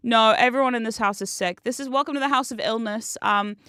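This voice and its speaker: A woman's voice: a little high, moderate pace, fairly bright tone, clean tone, no echo, studio quality. A woman streamer chatting casually while gaming, swearing freely and laughing often at a desk microphone.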